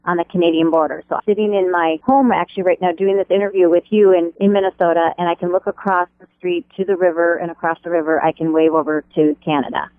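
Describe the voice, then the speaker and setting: Talking quickly with hardly a pause, this middle-aged Upper Midwestern American woman writes radio devotionals and is being interviewed by phone from home. Her manner is lively, full of easy laughter and sudden pitch leaps when she's excited, all carried over a thin, tinny phone line.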